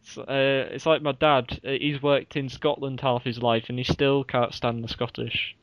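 A man's voice: medium pitch, little pitch movement, moderate pace, no echo. A man co-hosting a casual podcast chat, telling rambling stories and laughing often. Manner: rambling, giggly storyteller. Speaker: podcast co-host. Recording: dull, dry lo-fi recording.

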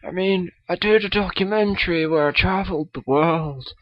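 Man's impression of a cheeky, boisterous older Scottish comic; bright-pitched, put-on accent, dry dull sound. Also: moderate pace, dry recording, natural voice. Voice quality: loud, boisterous, rambling. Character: brash older Scottish male comedian, cheeky. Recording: dull lo-fi recording.

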